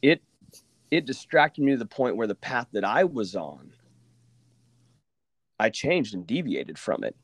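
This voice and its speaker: A man from Oklahoma hosting a casual podcast chat, telling stories with lively asides and mimicking the people he quotes. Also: medium pitch, unhurried, pauses often, dry recording. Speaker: podcast host.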